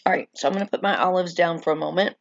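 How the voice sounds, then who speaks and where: A woman's voice: on the low side, very fast, creaky, dry recording, muffled recording. A middle-aged woman live-streaming, chatting casually and rambling with many fillers while reading viewer comments. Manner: chatty, rambling, frequent likes and ums. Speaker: streamer sharing wrestling memories.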